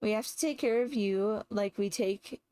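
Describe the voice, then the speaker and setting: A woman's voice: medium pitch, moderate pace, warm tone, clear, resonant tone, no echo, lightly acted. A woman reading as a cold mechanical drone. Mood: menacing.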